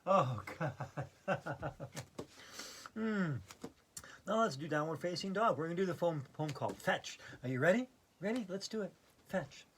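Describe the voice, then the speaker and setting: A woman's voice: fairly low pitch, animated, unhurried, pauses often, husky. A woman hosting a playful yoga routine, giggling and laughing through the poses. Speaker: yoga video host.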